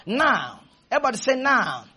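A man preaching a sermon, leading call-and-response, breaking into shouts and drawing out words for emphasis. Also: very high-pitched, big pitch swings, noisy background. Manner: slows to stretch words for emphasis.

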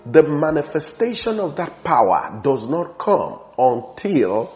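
A man preaching a sermon with emphasis, repeating words for stress and swinging between soft and loud passages. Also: on the high side, very animated, slow, hardly any pauses, soft background music.

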